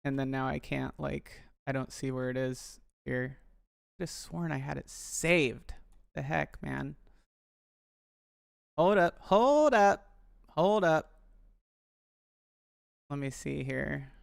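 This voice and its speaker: Gravelly, slow-talking male live streamer. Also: medium pitch, level tone, dry recording, studio quality. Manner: chatty, self-deprecating, addresses viewers. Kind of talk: rambling live-stream chat.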